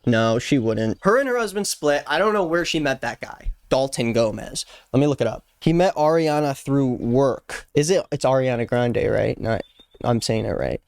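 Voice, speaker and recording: A man's voice: medium pitch, expressive, moderate pace, creaky, clear, resonant tone, dry recording, studio quality. A man in his twenties giving playful, jokey casual commentary as a YouTube host. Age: 20s. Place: Los Angeles.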